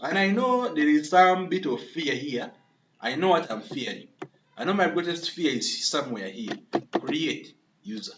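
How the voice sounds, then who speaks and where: A man's voice: fairly high pitch, reverberant, highs cut off, background noise. A man giving a screen-recorded coding tutorial, thinking aloud, repeating himself and often checking in with a questioning "okay?" while he addresses viewers as members.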